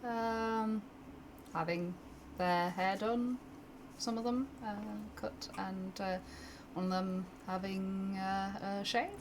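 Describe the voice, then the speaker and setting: A woman running a tabletop game, describing the scene slowly and unhurriedly with lots of pauses and fillers. Her voice sits at a middle pitch with a faint hiss behind it. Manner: relaxed, hesitant, with fillers. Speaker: game master.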